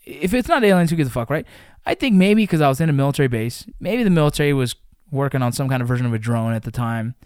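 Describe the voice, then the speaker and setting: A man telling a story in casual podcast chat, animated and profane, who bursts into shouts at the exciting moments. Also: medium pitch, fast, clear, resonant tone, no echo, studio quality. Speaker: podcast host.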